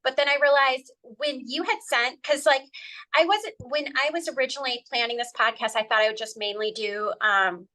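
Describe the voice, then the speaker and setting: Bright-voiced bubbly woman host. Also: a little high, moderate pace. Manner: bubbly, chatty, laughs often. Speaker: podcast host. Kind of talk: casual interview.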